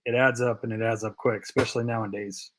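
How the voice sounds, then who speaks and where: A man's voice: medium pitch, little pitch movement, quick pace. Tired, rambling male live-stream host. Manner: loose and rambling, with fillers and repeated phrases; puts on a Canadian accent as a joke. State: tired and short on sleep. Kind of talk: casual live-stream chat reading viewer comments.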